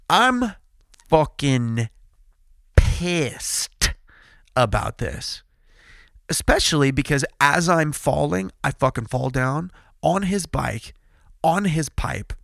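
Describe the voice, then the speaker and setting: Animated, profane man retelling a crash. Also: fairly high pitch, creaky, no echo, clean studio sound. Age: 30s. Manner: animated, profane, acts out quotes; loud, excited retelling. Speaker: podcast host. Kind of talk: casual storytelling.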